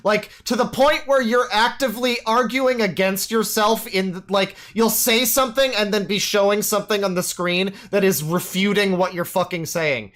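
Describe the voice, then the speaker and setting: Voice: medium pitch, moderate pace, hardly any pauses, a bit bright. A streamer reacting live to a video, ranting in an exasperated, profane way.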